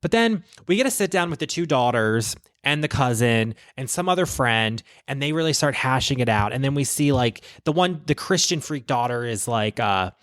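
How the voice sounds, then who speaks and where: A man's voice: mid-range voice, animated, normal speed, few pauses, fairly bright tone, no echo, studio quality. A man from Baltimore hosting a podcast, recapping reality TV in a gossipy, profane way. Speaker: podcast host. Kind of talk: casual chat. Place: small podcast studio.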